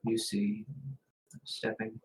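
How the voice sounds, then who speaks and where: A man as game master, narrating a tabletop role-playing scene in a grave, unhurried second-person storytelling manner. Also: on the low side, monotone, slight background noise, poor audio.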